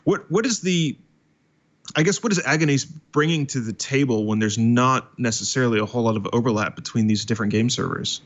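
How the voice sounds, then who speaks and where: A man's voice: medium pitch, fairly quick, muffled recording. A man hosting a tech podcast, asking careful questions with some hesitation. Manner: thoughtful, hesitant questions with fillers. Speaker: podcast host. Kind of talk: interview questions.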